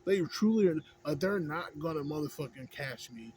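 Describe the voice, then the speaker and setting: A man's voice: on the high side, lively intonation, moderate pace, a little mellow, slight background noise. A man, ranting in a vlog, rambling and swearing heavily, asking "you know what I'm saying" again and again. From Houston, Texas. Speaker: vlogger. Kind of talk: profane ranting monologue.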